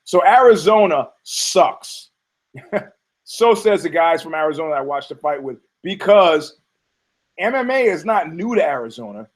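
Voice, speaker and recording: A man's voice: on the high side, sing-song, unhurried, rough recording. A middle-aged man hosting a podcast, ranting in a rambling, sarcastic, profane way. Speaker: podcast host. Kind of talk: casual rant.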